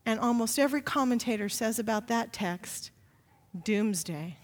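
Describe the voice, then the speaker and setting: Woman preacher; storytelling sermon, quiet asides building to forceful emphasis; reverberant hall. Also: a little high, unhurried.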